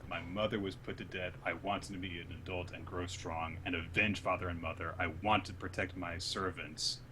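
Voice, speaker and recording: Deep-voiced man casually recapping manga. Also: pushed and bright, slight background noise. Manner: retells scenes acting out characters' lines with big pitch jumps. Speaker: podcast co-host.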